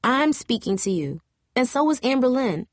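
A woman's voice: fairly high pitch, big pitch swings, normal speed, dry recording, studio quality, voice pushed up. A woman reading an audiobook, voicing a loyal, plain-spoken teenage girl who talks in earnest, casual slang. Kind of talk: audiobook character voice.

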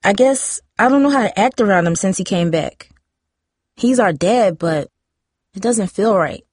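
A woman's voice: expressive, a little slow, darkish tone, breathy edge, no room sound, clean studio sound. A woman voicing a weary older teen sister. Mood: subdued. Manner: low, subdued and tired.

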